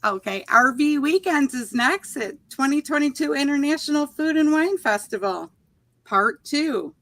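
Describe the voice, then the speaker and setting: A woman's voice: high-pitched, expressive, moderate pace, fairly bright tone, no echo. A woman from Kentucky with a Southern drawl, reading out video titles and chatting casually as a livestream guest. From Kentucky, USA. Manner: reads out list with laughs. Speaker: guest creator.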